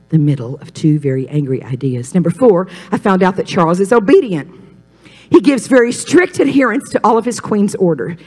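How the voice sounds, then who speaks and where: A woman preaching a sermon with dramatic dynamics. She builds to loud, ringing declarations and then drops to hushed whispers. She often calls on the congregation to repeat her words. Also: fairly low pitch, a little fast, slightly rough.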